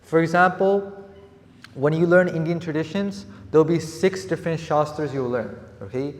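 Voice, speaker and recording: A man's voice: a little high, normal speed. A young man, teaching a classroom vocabulary lesson and often checking in with "okay?". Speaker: seminar teacher. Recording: echoey room with long reverb.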